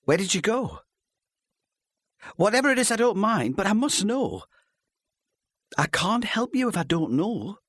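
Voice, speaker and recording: A man voicing a timid, anxious fifty-year-old wife in an audiobook, talking softly with gushing politeness. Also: on the high side, huge pitch swings, normal speed, slightly rough, dry recording, studio quality, pitched above the performer's own voice, heavily acted. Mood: pleading. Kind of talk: audiobook character voice.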